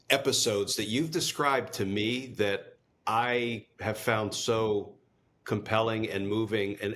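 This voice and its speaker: A man hosting an interview, asking measured, gently leading questions. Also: on the low side. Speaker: host.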